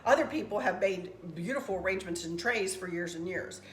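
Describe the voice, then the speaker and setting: A woman's voice: fairly low pitch, expressive, brisk. Lady rambling happily about her crafts, middle-aged, echoey room w a little background noise. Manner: chatty, rambling and upbeat. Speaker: craft channel host. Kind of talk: casual craft tutorial chat. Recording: roomy with faint background noise.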